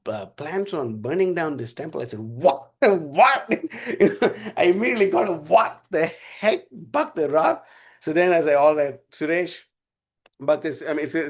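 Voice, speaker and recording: A man's voice: a little high, darkish tone. A man giving a casual spiritual class, telling a rambling story with frequent laughter. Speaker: class speaker.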